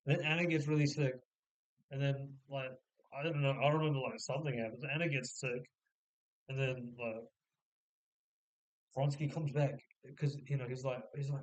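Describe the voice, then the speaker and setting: A man's voice: mid-range voice, fairly even intonation, normal speed. Rambling man summarizing a book, lo-fi. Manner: rambling, full of filler words and restarts; slips into short mock voices for the characters. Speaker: book reviewer. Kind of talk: casual spoken book summary.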